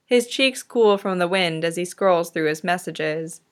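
A woman narrating a fan-fiction story in a gentle, tender manner. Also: on the low side, unhurried.

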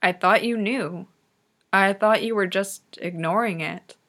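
A woman voicing a flustered, tearful young man who pleads in a shaky voice, reading slowly. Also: medium pitch, a bit bright. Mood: defensive.

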